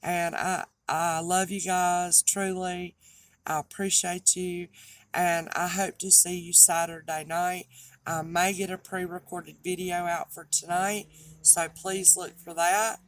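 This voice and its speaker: Woman, thick Southern drawl, rambling vlog chat, lowish voice, dry close sound. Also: little pitch movement, slow, no echo. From North Carolina, US. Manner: rambling, chatty, trips over words. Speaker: online reseller and host.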